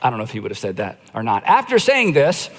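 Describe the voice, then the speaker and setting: A middle-aged male pastor preaching a conversational sermon, slowing down to dramatize quoted lines. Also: medium pitch, wildly swooping pitch, big-room sound. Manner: conversational preaching, acts out quoted lines with slow emphatic phrasing.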